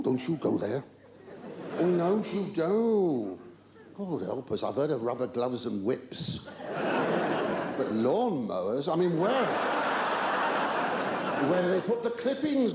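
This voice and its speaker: Older man, camp stand-up comedian on stage. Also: a little high. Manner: camp, rambling asides with drawn-out exclamations and stammers. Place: large theatre stage with an audience. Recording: roomy live theatre recording with audience noise.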